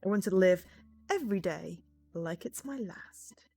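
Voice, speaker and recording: Earnest teen girl, eager, lively pitch, read by a woman. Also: unhurried, vocal fry, slightly rough, dry recording, soft background music, full character voice. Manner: earnest, wistful narration. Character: sixteen-year-old girl, earnest and eager. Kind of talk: visual novel voice reading.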